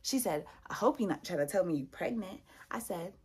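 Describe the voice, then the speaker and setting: Young woman, breathy voice, lively storytime vlog, acts out other people's lines. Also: mid-range voice, quick pace, few pauses. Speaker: vlogger.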